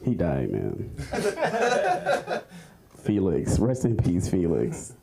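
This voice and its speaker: A man performing an animated, jokey stand-up set at an open mic on a club stage, laughing through his lines. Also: sits low, slow, creaky. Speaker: stand-up comedian. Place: comedy club stage with live audience. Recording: noisy crowd in a club. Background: audience laughter.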